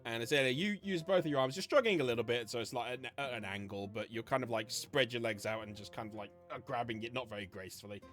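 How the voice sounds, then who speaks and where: A man's voice: medium pitch, fast talker, hardly any pauses, a bit bright, soft background music. A man narrating a tabletop game as game master, rambling with many fillers.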